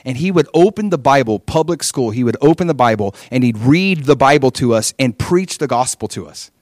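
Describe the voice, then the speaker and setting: A man from Hawaii preaching, telling his own testimony with animated storytelling and frequent rhetorical questions. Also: mid-range voice, brisk, no echo, studio quality. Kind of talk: testimony sermon.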